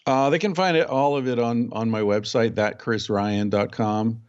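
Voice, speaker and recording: Male guest author, easygoing storyteller, average pitch, slightly lo-fi sound. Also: normal speed, smooth. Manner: relaxed storyteller, laughs while telling. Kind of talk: casual interview chat.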